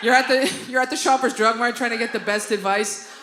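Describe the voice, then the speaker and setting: Performing a stand-up set in a club, this woman comedian from Canada speaks on the high side and fairly quickly. She's animated, prone to loud outbursts, and forever turning to the audience with "right?" and "you know what I mean?" The sound is a roomy, noisy live recording.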